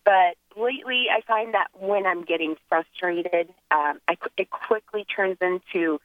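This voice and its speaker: A woman's voice: fairly low pitch, a little slow, no echo. Hesitant woman caller on a phone line. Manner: hesitant, stammers, nervous laughs. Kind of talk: casual chat. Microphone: telephone.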